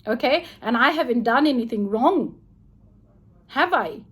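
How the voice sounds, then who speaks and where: A woman with a notably high voice vents to her camera from inside a hotel room. She talks in an indignant rush and quotes the exchanges one after another. The sound is close and direct, like a phone held near. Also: lively intonation, slightly rough. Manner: indignant, rapid retelling with quoted back-and-forth. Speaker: vlogger recounting a complaint. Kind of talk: heated personal account to camera.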